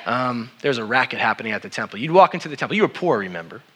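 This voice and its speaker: A man preaching a sermon, animated and addressing the congregation directly with questions. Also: medium pitch, very fast, slightly rough. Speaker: pastor.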